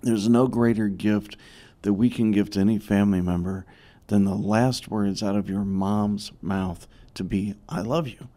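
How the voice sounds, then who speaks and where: A man's voice: fairly low pitch, level tone, a little slow, warm tone. A man from a hospice on a radio interview, telling a story earnestly and with emotion. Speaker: hospice representative. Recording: radio studio.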